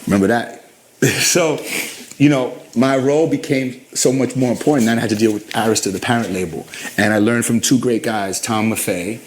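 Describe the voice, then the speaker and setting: A man's voice: mid-range voice, fairly even intonation, fairly quick. A middle-aged man recounting his career in an interview, with a mid-range voice. He tells stories with animation and acts out the quotes. A faint hiss of noise sits under the recording. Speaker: interview guest. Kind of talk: storytelling interview.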